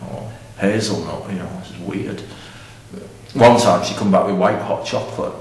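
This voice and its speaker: A middle-aged man with a deep, low voice, rambling bluntly in a deadpan comic monologue. He sounds set back from the mic in a very echoey room, with faint ambient noise behind. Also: moderate pace, far from the mic.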